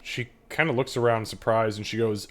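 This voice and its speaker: A man narrating a tabletop game as game master, relaxed and full of fillers. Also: lowish voice, brisk.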